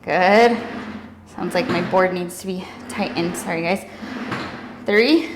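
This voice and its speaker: A woman's voice: lowish voice, takes it slowly, long pauses, noisy background. A young woman leading a workout, counting down and cheering, out of breath at times. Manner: energetic cueing with counting and whoops. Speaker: fitness instructor. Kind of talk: workout instruction cues.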